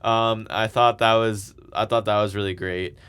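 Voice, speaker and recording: A man's voice: on the low side, steady tone, normal speed, a bit bright, clear, resonant tone. A man co-hosting a podcast, casually recapping events with lots of fillers and restarts. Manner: rambling, filler-heavy recapping with laughs. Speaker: podcast co-host.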